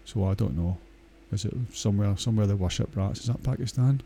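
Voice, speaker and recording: Dark-voiced Scottish man rambling bluntly. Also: lowish voice, quick pace, slight background noise. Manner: blunt and crude, swears a lot, hesitant with many fillers. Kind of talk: casual rambling monologue.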